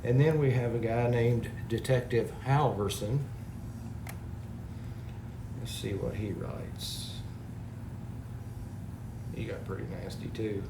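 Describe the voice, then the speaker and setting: A man's voice: mid-range voice, slow pace, long pauses. Exasperated man ranting in an echoey room. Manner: exasperated, rambling, reads comments aloud. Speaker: parody video maker. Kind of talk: casual complaint to camera. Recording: echoey room with background noise.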